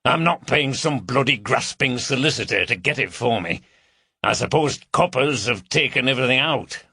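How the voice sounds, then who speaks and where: A man voicing a bulky, coarse man, who talks in a slow, mocking drawl. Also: medium pitch, animated, bright, forceful tone, slightly rough, dry recording, studio quality, pitched above the performer's own voice, exaggerated voice. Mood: grumbling. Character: bulky coarse Yorkshire man, leering and blunt.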